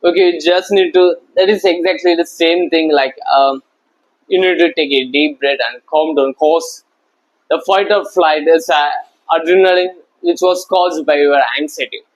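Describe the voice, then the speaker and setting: A man's voice: on the high side, steady tone, moderate pace, rough recording. A young man giving casual, chatty advice on small talk, loose and often laughing. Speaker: social skills coach.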